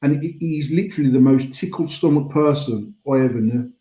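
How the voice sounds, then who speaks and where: A man's voice: medium pitch, a little fast, warm tone, echoey room, poor audio. A British man in his forties telling rambling stories in casual banter, swearing freely. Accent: British English. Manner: rambling storytelling, frequent swearing. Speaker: podcast host.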